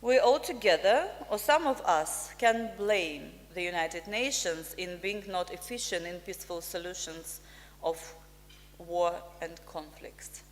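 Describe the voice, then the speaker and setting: A woman from Ukraine, an ambassador giving a formal prepared speech in slow, deliberate, emphatic phrases. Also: lowish voice, expressive. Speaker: ambassador, guest speaker. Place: press club function room. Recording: reverberant hall.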